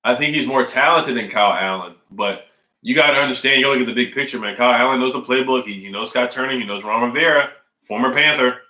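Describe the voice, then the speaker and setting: Casual fan-stream host, man, repeats himself for emphasis, bright tone, roomy echo. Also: medium pitch, fast talker. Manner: repetitive, emphatic, says "man" and "I really do" often. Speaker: sports fan streamer reading chat. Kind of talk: casual live-stream chat. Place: at home indoors.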